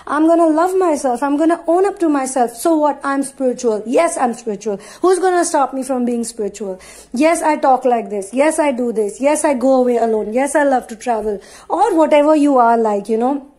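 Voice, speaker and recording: A woman's voice: high voice, a little fast, mellow. A woman giving a spiritual channeling talk, speaking in emphatic, repetitive affirmations and casual asides with frequent fillers.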